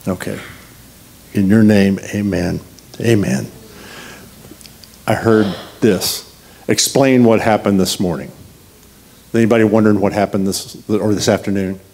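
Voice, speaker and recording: Low-voiced, joking guest preacher. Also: male voice, unhurried, vocal fry, pauses often, darkish tone. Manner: conversational, humorous, anecdotal. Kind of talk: storytelling sermon.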